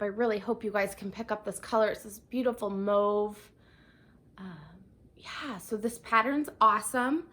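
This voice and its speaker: A woman's voice: a little high, a bit bright. A young woman hosting a knitting podcast in a casual, chatty way, full of ums, a bit out of breath. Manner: chatty, bubbly, many ums. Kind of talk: casual video podcast chat.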